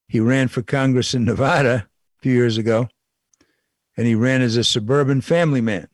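A man's voice: mid-range voice, no echo. An older man giving a casual, wry political commentary monologue, repeating his points and chuckling at the absurd bits. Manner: wry, repetitive, chuckling asides.

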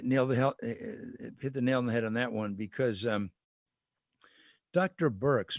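A man's voice: mid-range voice, no echo, studio quality. A man hosting a call-in radio show, talking in a conversational, earnest way with some stumbles. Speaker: radio talk show host.

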